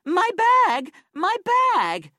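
A woman voicing a rich older woman who screams and shouts in panic, her voice pushed far above her own. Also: very high-pitched, wildly swooping pitch, drawn-out words, no echo, clean studio sound, pitched above the performer's own voice, exaggerated voice. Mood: shrieking panic. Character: rich old woman screaming about stolen bag.

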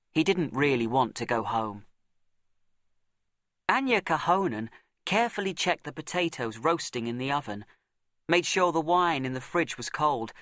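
A man narrates a storybook in a slightly high voice. He reads in a measured, deliberate way, slowing down and pausing for effect. The recording is close and dry, with no room sound. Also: a bit bright, dry recording. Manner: measured, dramatic pauses and slowed emphasis.

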